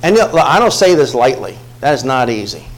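A male pastor preaching a sermon, telling a personal story with dramatic swings from hushed tones to shouts. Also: mid-range voice, very animated, a little fast, rough recording.

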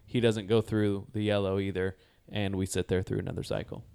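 Male co-host, smooth clear voice, detailed rambling storyteller. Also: on the low side, level tone, a little fast, dark tone. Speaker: podcast co-host. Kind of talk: casual chat.

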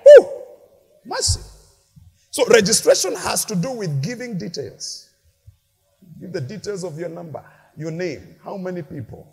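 Male pastor, high animated delivery, long church-hall reverb. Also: moderate pace, vocal fry. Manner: animated, shouting peaks, playful asides to congregation. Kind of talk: lively sermon.

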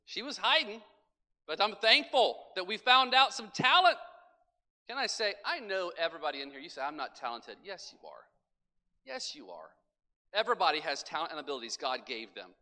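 A middle-aged male pastor preaching a sermon, telling stories animatedly and speaking straight to the congregation. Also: sits high. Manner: animated storytelling preacher, acts out voices and asides to the congregation. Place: church sanctuary. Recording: long church hall reverb.

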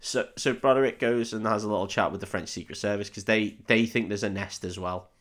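Swearing man with a low voice. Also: steady tone, fairly quick, a bit bright. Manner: laughs often, acts out characters in quotes, swears a lot. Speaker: podcast co-host recapping a film. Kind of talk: casual comedic film recap.

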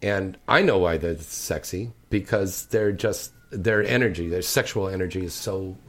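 A man's voice: deep voice, moderate pace. A man hosting a casual talk show, enthusiastic and chatty, taking calls between conversations. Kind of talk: casual chat.

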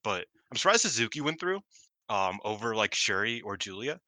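A man co-hosting a podcast in casual chat, excited and laughing as he talks. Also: on the low side, moderate pace, dry recording. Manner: excited, laughing, swearing freely. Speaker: podcast co-host.

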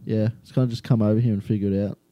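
A young man with an Australian accent, chatting casually as an interview guest, relaxed and full of fillers. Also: on the low side, rapid-fire, no room sound. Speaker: guest, skydiving student.

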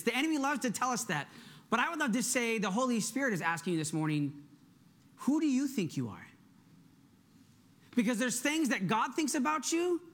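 A middle-aged man delivers a sermon as the church's pastor, keeping it loose and conversational. His voice sits notably high for a man, and he talks with lively energy. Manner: energetic, conversational, asks the congregation "right?".

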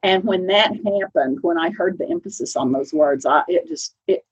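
A lower-pitched woman tells her story with lively enthusiasm, filling gaps with "you know" and "um". Her voice is a little husky. The sound is dull and lo-fi, as from a remote call. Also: moderate pace. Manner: enthusiastic, animated storytelling with many fillers. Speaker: interviewed guest, science advisor. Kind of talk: recorded remote interview anecdote.

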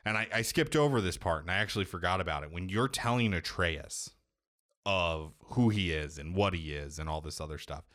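A man with a very low, deep voice talks loosely and profanely, piling up "like" and "you know" as he retells a video game's plot. He often slips into quick impressions of the characters before dropping back to his easy, casual chat. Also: a bit bright, no room sound, studio quality. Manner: rambling, profane, acts out quoted lines. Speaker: podcast co-host recapping a game.

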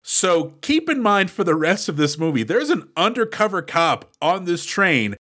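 A man co-hosting a casual movie podcast, recapping the plot in an animated way with acted quotes. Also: high-pitched, moderate pace. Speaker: podcast co-host.

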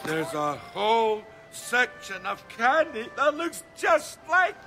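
An actor playing an excitable high-voiced movie character in a trailer. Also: male voice, takes it slowly, exaggerated voice. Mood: excited. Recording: trailer audio with loud music.

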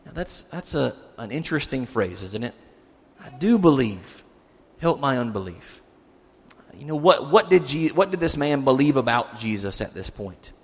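A man's voice: mid-range voice, very animated, moderate pace, slightly rough. A male pastor giving a conversational sermon, putting rhetorical questions to his listeners. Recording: long hall reverb.

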